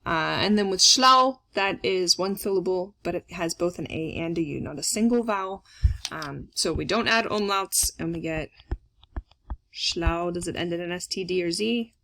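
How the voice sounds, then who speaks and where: A woman's voice: on the low side, moderate pace, creaky, bright, forceful tone, slight background noise. A woman teaching German grammar in a recorded lesson, explaining step by step with frequent fillers.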